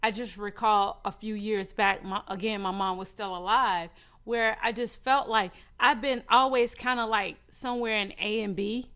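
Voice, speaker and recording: Woman podcast co-host; open, chatty storyteller who hedges and rushes her repeats. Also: mid-range voice, fairly even intonation, a bit bright. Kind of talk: casual health chat.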